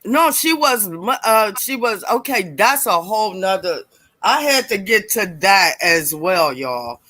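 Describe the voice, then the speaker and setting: Animated storytelling mother, bright voice. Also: mid-range voice, a little slow, no echo. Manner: animated, acts out quoted voices, laughs often. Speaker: guest telling a personal story. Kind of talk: casual storytelling.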